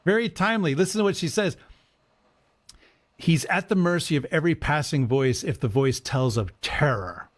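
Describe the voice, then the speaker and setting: A man with a fairly high voice co-hosts a relaxed talk show about old stories. He reads verse passages aloud with lively, rising emphasis, then slips back into easy chat. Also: moderate pace. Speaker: podcast co-host, priest. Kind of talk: casual discussion with dramatic reading.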